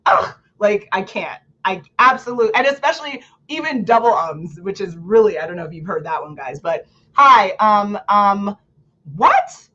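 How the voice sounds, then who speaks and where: A lively woman hosts a book club stream in a chatty, animated way, scattering "like" through her sentences and laughing often. Her voice sits in a middle range. The audio is a bit dull and lo-fi, as from a home streaming setup. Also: mid-range voice, brisk, few pauses, slightly rough. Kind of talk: casual livestream talk on public speaking. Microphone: home computer or camera setup.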